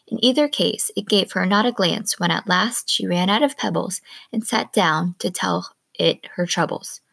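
Woman calmly reading a novel aloud. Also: fairly low pitch, normal speed, vocal fry, breathy edge, no room sound. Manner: calm, steady storytelling. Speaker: reader.

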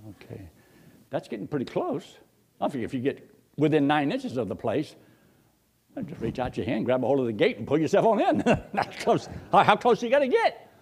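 An older man preaches a folksy sermon built on storytelling. His husky voice jumps high when he gets excited and drops low when he quotes others.

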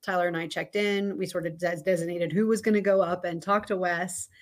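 A woman in her thirties speaks as a podcast guest, her voice sitting a little low. She talks candidly and reflectively, telling a story in an easy conversational way. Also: steady tone, fairly quick. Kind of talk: casual interview conversation.

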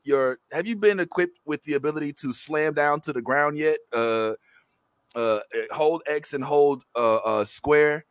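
Man host, loose and excitable, higher voice, dry close sound. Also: unhurried, clean tone, dry recording. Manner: excitable, laughing, loose and rambling. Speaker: podcast host. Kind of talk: casual chat.

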